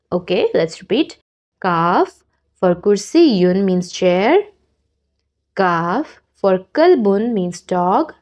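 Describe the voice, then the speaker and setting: Slow, lively woman teaching kids' Arabic. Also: mid-range voice. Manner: patient, repeats words for learners. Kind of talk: slow children's alphabet lesson.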